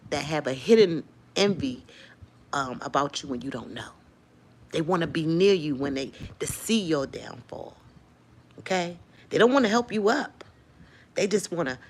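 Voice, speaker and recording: A woman with a gravelly, somewhat low voice hosts and shares a lively faith testimony with viewers. She tells it animatedly, acting out quotes and laughing often.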